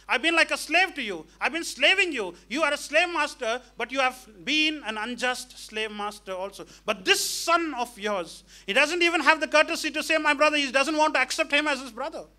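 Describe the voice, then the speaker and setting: A man's voice: very high voice, sharp tone. A male pastor preaching a sermon emphatically, questioning the congregation and acting out the characters of a parable. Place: church hall.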